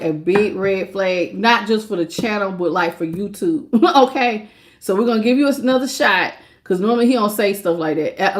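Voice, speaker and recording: A woman doing a casual live-stream tarot reading, chatty, greeting viewers by name and laughing often. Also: medium pitch. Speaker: tarot reader.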